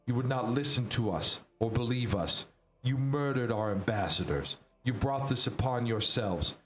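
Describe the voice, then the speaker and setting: A man voicing a calm, measured male soldier captain. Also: medium pitch, slight background noise, lightly acted. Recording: roomy echo.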